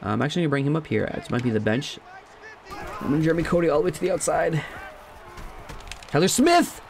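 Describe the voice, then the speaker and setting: A man giving casual let's-play commentary on a football video game, chatty and thinking aloud, laughing at himself and jumping to loud shouts at big plays. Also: a little high, lively intonation, racing, creaky. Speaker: gaming commentator.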